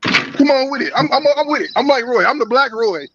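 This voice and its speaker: A man's voice: very high voice, animated, brisk. A man on a livestream panel, talking in a heated, confrontational way and swearing freely. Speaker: panel guest. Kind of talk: casual livestream panel talk. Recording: muffled line with background noise.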